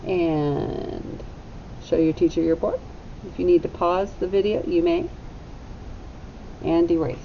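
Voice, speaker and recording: A woman teacher giving a phonics lesson to young children, sounding out letters slowly and deliberately. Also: steady tone. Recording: slightly dull recording with faint rumble.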